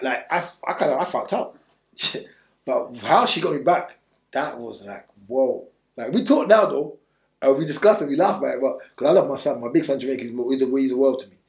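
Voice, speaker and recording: A man's voice: medium pitch, darkish tone, echoey room. A man telling his story bluntly in street slang during an interview, rambling and restarting as he goes. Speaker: interview guest.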